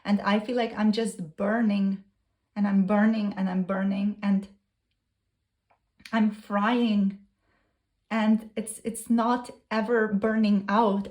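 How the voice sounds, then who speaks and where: A woman's voice: medium pitch, little pitch movement, slow, a little mellow. Earnest woman channeling a tarot message. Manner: earnest, repetitive, gushing. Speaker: tarot reader.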